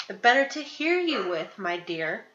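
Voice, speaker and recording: A woman voicing a sly, hungry wolf who pretends to be a grandmother, with a squeaky, cackly voice. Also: sing-song, measured pace, a bit bright, lo-fi sound, a little hiss or hum. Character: sly hungry big bad wolf posing as granny.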